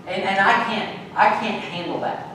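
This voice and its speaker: A man delivers a sermon, telling a story with frequent restarts. He swings from hushed to loud. The sound is distant and very echoey, like a church hall heard from the back, with a faint hiss underneath. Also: high-pitched, steady tone, moderate pace. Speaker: pastor. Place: church sanctuary.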